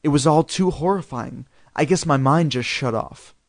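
A man reads a spooky children's book aloud with expressive, dramatic delivery. His voice sits a little high for a man. The sound is dry and close. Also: moderate pace, no room sound. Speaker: reader. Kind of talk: reading a storybook aloud.

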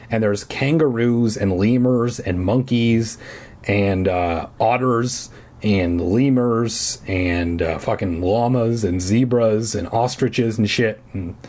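A man's voice: fairly low pitch, slow, darkish tone. A young man hosting a podcast, rambling casually with profane jokes. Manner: rambling, profane, joking asides. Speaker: podcast host. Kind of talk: comedic reading of a kids' book.

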